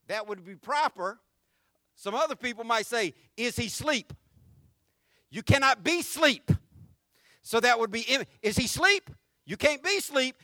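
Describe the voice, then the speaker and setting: A man preaching a sermon as pastor in an animated, conversational way, with slang, humor and repeated words as he starts sentences. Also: high voice, dry recording, clean studio sound.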